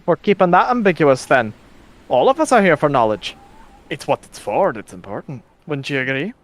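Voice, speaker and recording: A man's voice: on the high side, lively intonation, moderate pace, pitched above the performer's own voice, lightly acted. A man voicing a wary, sly woman who leads a band of berserkers in a tabletop game, teasing and suspicious. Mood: probing.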